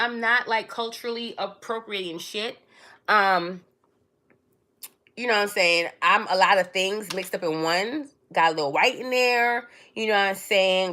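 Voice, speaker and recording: A woman's voice: on the high side, bright, forceful tone. A young adult woman in hosting a casual livestream, talking loosely and rambling with frequent laughs. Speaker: livestream host.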